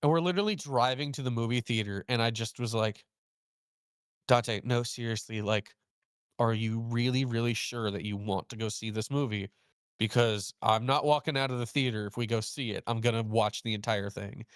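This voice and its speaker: A young man hosts a relaxed chat, speaking at normal speed in a clear, resonant voice. He narrates a story and plays both roles in the conversation, animated and jumping in pitch for quoted speech. There's no echo, and the audio is studio quality.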